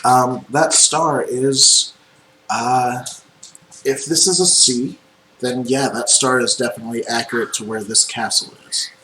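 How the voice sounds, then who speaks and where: A man narrating a tabletop game as its game master, taking his time and pausing on ums as he describes each scene. His voice is bright and forward. He is recorded in an echoey room with a faint hiss of noise behind. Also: mid-range voice, fairly even intonation.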